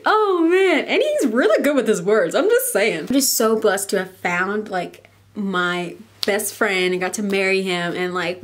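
A young woman, chatting to camera in a casual, bubbly and emotional way. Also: mid-range voice. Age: young adult. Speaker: vlogger.

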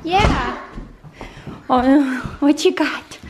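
In a noisy setting, a young mom speaks in a high voice, drawing out her words. She's a stay-at-home vlogger, talking casually to the camera and coaxing her toddler with a sing-song lilt.

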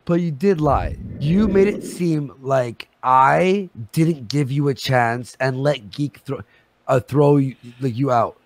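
A man in his thirties arguing heatedly on a live stream, agitated and swearing, talking in quick bursts full of restarts. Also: medium pitch. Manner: agitated, swearing, rapid shifts in loudness.

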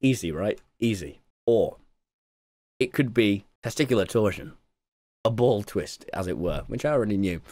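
A man's voice: fairly low pitch, lively intonation, normal speed, a little mellow, dry recording. A young man telling a comic story as a streamer, exclaiming and swearing freely.

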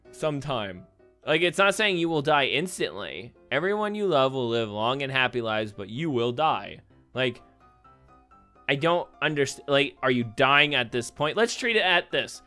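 A man's voice: mid-range voice, lively intonation, normal speed, pushed and bright, clear, resonant tone. A young man commenting casually on a quiz game, rambling, thinking aloud and laughing often. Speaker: gaming YouTuber. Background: faint background music.

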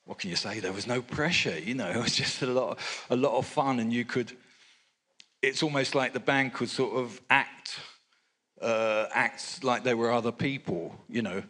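An older record producer, interviewed on stage at a fan convention, telling rambling anecdotes with lots of fillers and asides. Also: male voice, mid-range voice, normal speed, a bit bright. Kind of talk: relaxed anecdotal storytelling.

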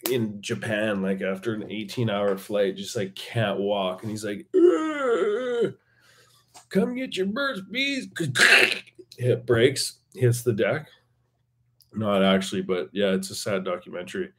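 A man with an Albertan accent hosting a casual solo podcast from his bedroom, rambling and joking with lots of restarts. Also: on the low side. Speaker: podcast host. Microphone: table mic.

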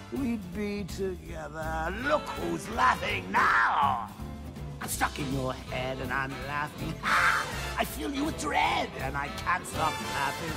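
Joker, a cackling clown villain. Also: male voice, on the high side, gravelly, full character voice. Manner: gleeful sing-song menace, cackling. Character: manic murderous male clown villain, taunting. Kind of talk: video game song performance. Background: game soundtrack music.

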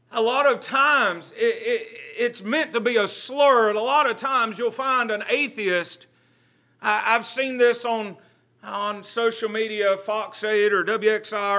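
A man pastor teaching a Bible study in a church, earnest, dropping to a hush and rising again. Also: high voice. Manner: earnest preaching, swings from loud to hushed.

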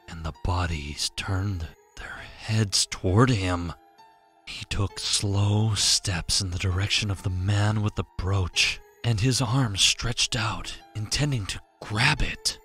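Slow, low-voiced male horror narrator. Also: a bit bright, slightly rough. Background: faint background music.

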